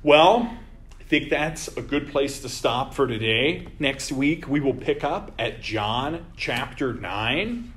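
A man's voice: mid-range voice, animated, slow pace, fairly bright tone, a little hiss or hum. A man leading a Bible study as vicar, teaching earnestly with emphatic repeated phrases.

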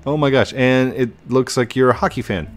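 A man in his thirties giving casual, chatty commentary while gaming, excitable and breaking into high squeals. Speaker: YouTuber.

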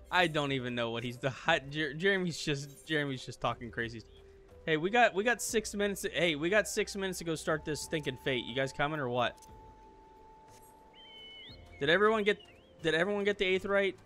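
A young man hosting a let's play, chatting casually and joking, then bursting into loud shouts. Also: on the high side, expressive, fairly quick, faint music behind. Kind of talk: casual gaming chat.

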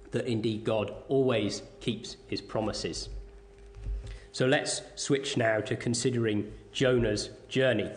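Male preacher at an evening service, slow and deliberate, mid-pitched, reads scripture aloud. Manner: measured, deliberate delivery, reading scripture aloud. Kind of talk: sermon.

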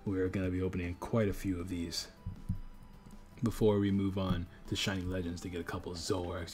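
A young man with a very deep, low voice runs a livestream in a loose, slangy way. He keeps building hype, repeats little chants over and over, and talks straight to his chat like friends. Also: little pitch movement, fairly quick, darkish tone. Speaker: livestream host. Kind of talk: hyped livestream chat while opening card packs.

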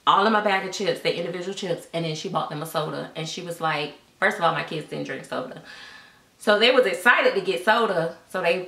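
A woman's voice: fairly low pitch, fast talker, creaky, fairly bright tone. A middle-aged woman telling a casual storytime at home, chatty and sassy, with a sound recorded in an echoey room. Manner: chatty, sassy, acts out voices in quotes.

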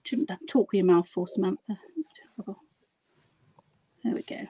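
A woman's voice: mid-range voice, lively intonation, moderate pace, mellow, slightly rough, low-quality recording. A woman guiding a live craft demonstration, chatty, giggly and poking fun at herself as she works. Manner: chatty, giggly and self-deprecating. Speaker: guest crafter demonstrating a project.

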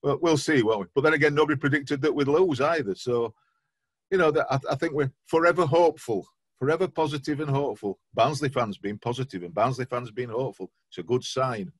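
A man chats through his club's week on a fan podcast. His voice is husky and sits in a dry, close space. He keeps a dry, self-mocking humour running. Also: mid-range voice, fairly quick, no echo. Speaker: podcast co-host. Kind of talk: casual football podcast chat.

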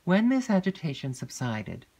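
A woman's voice: low voice, very animated, normal speed, dark tone, slightly rough. Woman narrating a classic novel. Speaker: audiobook narrator. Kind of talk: scripted narration.

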